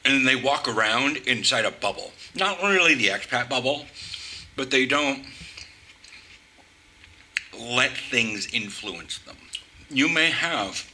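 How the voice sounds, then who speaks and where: A man from the US Pacific Northwest giving opinionated vlog commentary, halting and restarting his sentences, with wry asides. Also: medium pitch, sharp tone, a little hiss or hum, rough recording. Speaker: vlogger.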